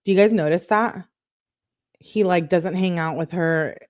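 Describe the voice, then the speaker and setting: Brief: woman commentator, lowish voice, reads messages aloud and reacts bluntly, casual and chatty. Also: a little slow, a little mellow. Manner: chatty, blunt, exasperated asides. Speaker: online commentator.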